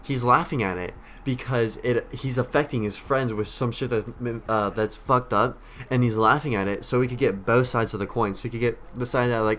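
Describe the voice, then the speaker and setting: A man's voice: medium pitch, fairly even intonation, normal speed, fairly bright tone, slight background noise. A man streamer giving a rambling, blunt commentary rant, swearing heavily as he talks. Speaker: streamer reacting to clips.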